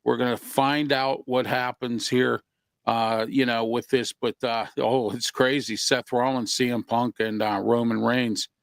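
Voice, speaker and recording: A man talking wrestling as a guest on a casual sports show, halting and full of fillers. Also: medium pitch, flat delivery, vocal fry, no echo, clean studio sound. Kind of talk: casual talk show chat.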